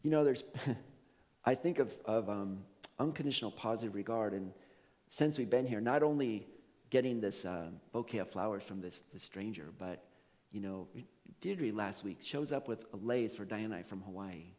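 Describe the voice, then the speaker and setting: A man's voice: lowish voice, animated, moderate pace, darkish tone, big-room sound. A male pastor preaching a sermon, telling a story with laughs and quoted voices. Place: church sanctuary.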